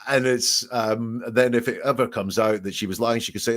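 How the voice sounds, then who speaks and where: A man's voice: mid-range voice, steady tone, normal speed, hardly any pauses, a bit bright. A man working as a statement analysis expert, reading quoted testimony aloud and picking apart the word choices in analytical commentary.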